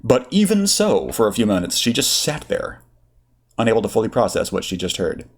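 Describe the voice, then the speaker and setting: A man reading a story aloud in a lively way, with casual asides. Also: fairly low pitch, a little fast. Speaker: reader. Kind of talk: reading fan fiction aloud.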